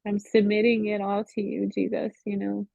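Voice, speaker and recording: A middle-aged woman sharing a personal faith testimony at a Bible study, speaking in an emotional, halting way full of "you know". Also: medium pitch, completely flat delivery, creaky, warm tone, no room sound. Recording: tinny phone-line sound, dry.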